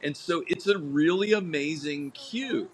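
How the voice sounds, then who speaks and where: A man's voice: a little high, unhurried, slight background noise. A man, a tennis coach who is a guest on a podcast, telling stories in a casual chat and acting out what people said. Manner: animated storyteller acting out quotes.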